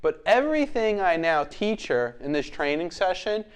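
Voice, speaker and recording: Working with a dog, this trainer explains his steps at a moderate pace in a clean, sing-song voice. He issues brief commands and praise throughout, his voice rising into a high lilt whenever he speaks to the animal.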